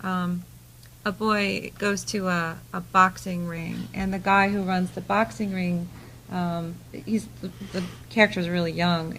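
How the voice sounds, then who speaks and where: Gravelly-voiced woman author on panel. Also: lowish voice, a bit bright, slight background noise, poor audio. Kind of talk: casual panel talk.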